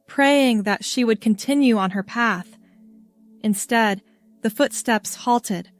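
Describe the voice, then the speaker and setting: Woman reading a story real slow, gentle measured narration, dry close sound. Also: medium pitch, no room sound. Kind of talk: scripted narration.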